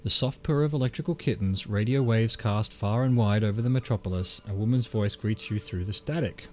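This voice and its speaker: A man's voice: lowish voice, a little fast, hardly any pauses, darkish tone, faint music behind. Middle-aged Australian man reading game text. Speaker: game streamer.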